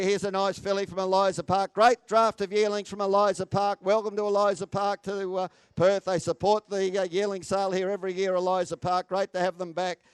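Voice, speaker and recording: A man, calling bids as a live horse auctioneer with a rapid, rhythmic chant and salesman patter. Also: high-pitched, clear, resonant tone, no room sound. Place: sales ring.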